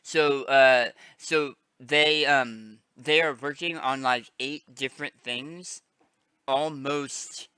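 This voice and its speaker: A man narrating a tabletop game as game master, halting with many fillers. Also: medium pitch, bright, forceful tone, smooth, dry recording.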